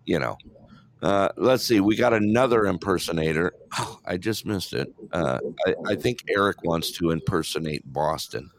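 A man's voice: deep voice, normal speed, slight background noise. A man co-hosting a casual group chat show, teasing the others and laughing often. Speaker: co-host.

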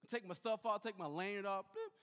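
A young man giving a sermon, telling a lively personal story and acting out the voices of the people in it. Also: high-pitched, a little fast. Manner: animated storyteller, acts out voices and shouts. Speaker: youth pastor. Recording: long hall reverb.

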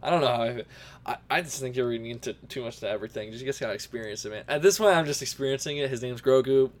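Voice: medium pitch, lively intonation, rapid-fire. A young adult co-hosting a podcast with a parent, laid-back and teasing, laughing often. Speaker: podcast co-host. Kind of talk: casual chat. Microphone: home computer microphone, remote call.

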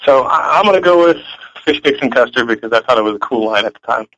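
A man on a podcast panel, laid-back and animated, tossing in "man" as he talks. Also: medium pitch, quick pace, no room sound, lo-fi sound. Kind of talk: casual panel chat.

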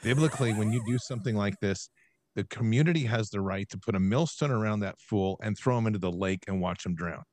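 A man's voice: on the low side, quick pace, a little mellow. A man hosting a podcast, talking in an impassioned, emphatic rant and reading scripture aloud. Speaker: host.

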